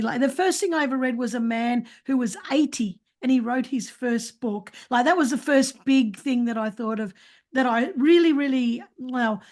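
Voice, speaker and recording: A woman hosting a podcast interview, talking enthusiastically and tripping over her words now and then. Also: high-pitched. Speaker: podcast host. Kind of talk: casual interview chat.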